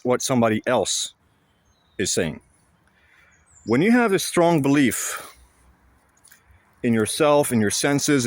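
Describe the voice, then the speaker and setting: A man talking to camera in a casual explanatory monologue, halting and blunt, with frequent fillers and restarts. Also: medium pitch, dry recording. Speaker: vlogger.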